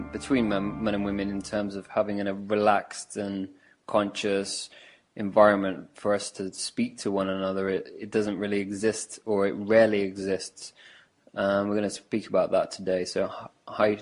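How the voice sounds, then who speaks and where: Flat-voiced English man hosting. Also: fairly low pitch. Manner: hesitant, restarts his questions. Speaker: podcast host. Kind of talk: casual podcast conversation.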